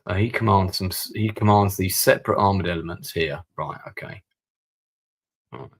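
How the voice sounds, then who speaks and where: Male streamer, deep husky voice with fry, mutters his moves while he plays. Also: moderate pace. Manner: thinking aloud, muttering over his moves. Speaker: streamer playing a strategy war game. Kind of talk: live-stream gameplay commentary.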